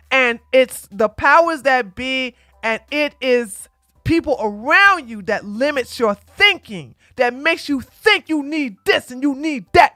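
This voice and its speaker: A woman's voice: on the high side, no echo, clean studio sound. Blunt woman ranting on a livestream. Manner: blunt, emphatic, preachy; talks straight to viewers, swings from loud to quiet. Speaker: livestream host. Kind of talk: casual livestream chat.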